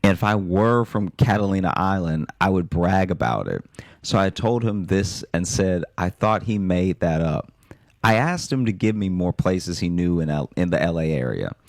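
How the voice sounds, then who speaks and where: Deep-voiced man telling comic stories. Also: expressive, moderate pace, dry recording. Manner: dry storytelling with bursts of laughter. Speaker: comedian reading listener letters. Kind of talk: comic podcast chat.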